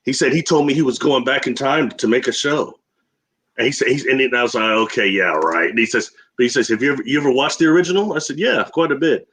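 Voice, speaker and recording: A man with a voice of average pitch tells a long story as a guest on a radio talk show. He rambles and laughs often. He slips into the voices of the people he quotes. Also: animated, fairly quick, fairly bright tone.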